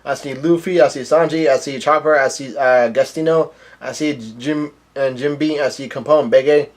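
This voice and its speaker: A man's voice: a little high, fairly even intonation, normal speed. A man reading a comic chapter aloud with casual commentary, reading the dialogue in a plain, offhand voice. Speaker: manga chapter reader.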